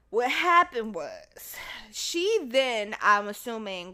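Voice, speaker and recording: A woman podcast host telling a story in casual chat, animated and laughing, acting out the people in it. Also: medium pitch.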